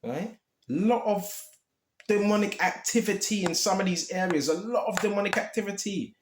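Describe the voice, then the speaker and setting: Impassioned man preaching casually with street slang, high-pitched, recorded in a roomy, echoing space. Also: moderate pace, a little hiss or hum. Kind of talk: informal preaching.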